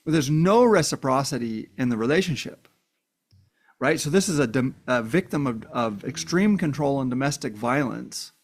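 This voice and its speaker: A man of middle pitch speaks straight to the camera in a loose, unscripted way, leaning on "like" and the odd swear word. He slips into angry, raised voices for the people in his story, then drops back to plain talk. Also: expressive, moderate pace. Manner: acts out quoted voices of an angry abuser and a victim in heated tones; blunt, swears, many "like" fillers. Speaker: commentator. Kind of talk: casual spoken commentary.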